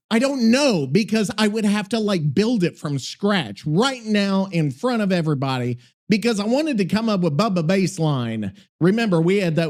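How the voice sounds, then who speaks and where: A podcast host with a slightly high, darkish voice rambles through loose, profane, casual chat, often sounding exasperated and letting out yelps.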